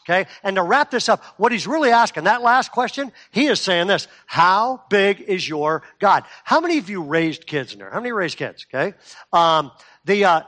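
High-voiced preacher telling a story. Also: male voice, a bit bright. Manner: storytelling with acted quotes, rising to fervent emphasis. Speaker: pastor. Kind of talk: sermon.

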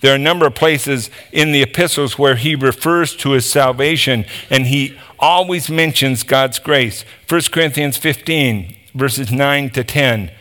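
Bright-voiced man preaching a sermon. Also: mid-range voice, unhurried, hardly any pauses. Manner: expository, reading scripture aloud with emphatic asides.

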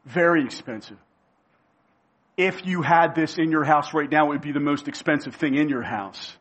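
A male preacher giving a sermon. He speaks emphatically, repeats key phrases and slows down to give them weight. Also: a little high, a bit bright, dull audio.

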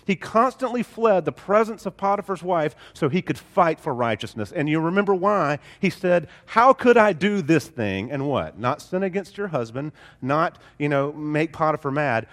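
A man's voice: on the high side, animated, moderate pace, few pauses, fairly bright tone, in a large hall. A male pastor preaching a sermon, emphatic and building on repeated phrases.

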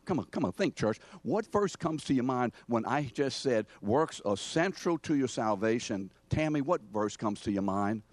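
An older man delivers a teaching sermon at a middle pitch, his voice sounding dry and close. He keeps stopping to fire questions at his listeners and insists they call out answers. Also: dry recording. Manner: animated, calls out questions and demands answers. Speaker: preacher and Bible teacher. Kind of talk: interactive sermon, quizzing the congregation.

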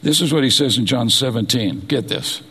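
A middle-aged man preaches in a church sanctuary, retelling scripture with animated, dramatic emphasis. His voice is gravelly and husky. The sound carries a long reverb from the large hall. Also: mid-range voice, brisk. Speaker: pastor. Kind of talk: sermon.

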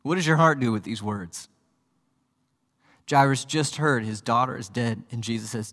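A pastor preaching a sermon, swinging from hushed, slow lines to loud, urgent ones. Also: male voice, medium pitch. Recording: long hall reverb.

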